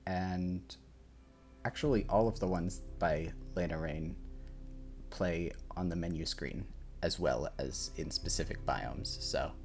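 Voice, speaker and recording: A man's voice: low voice, slow pace. A man casually rambling and reacting while music plays at home, swearing and chuckling now and then. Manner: rambling and laid-back, swears, chuckles often. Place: at home in his room. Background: game soundtrack playing softly.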